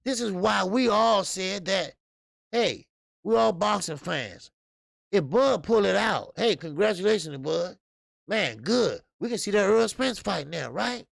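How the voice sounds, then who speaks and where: A man's voice: high-pitched, vocal fry, a bit bright, no echo. A man in his fifties hosting a casual live-stream boxing talk show, chatty and rambling, greeting viewers between asides.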